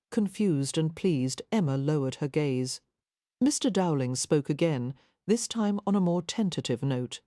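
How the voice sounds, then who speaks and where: A woman narrating a historical romance audiobook in a measured, even reading. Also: sits low, no echo, studio quality.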